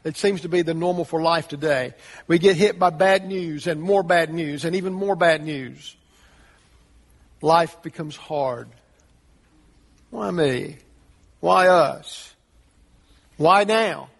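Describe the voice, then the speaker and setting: A man's voice: on the high side, measured pace. A man preaching a sermon as pastor, earnest, asking the congregation rhetorical questions. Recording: long reverb of a large hall.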